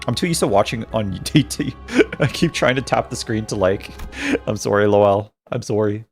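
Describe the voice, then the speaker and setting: A man's voice: fairly low pitch, moderate pace, a little mellow, soft background music. Playful male streamer reading game lines. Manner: playful, laughs often, reads characters' lines in shifting voices. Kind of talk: live stream, reading game text and chatting with viewers.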